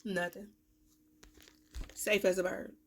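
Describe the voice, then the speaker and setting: A young woman, venting bluntly and with profanity in a candid vlog, her voice swinging from loud to a low mutter, with a cough now and then. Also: little pitch movement, slow pace. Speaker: vlogger, self-styled life coach. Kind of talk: candid talking-to-camera vlog.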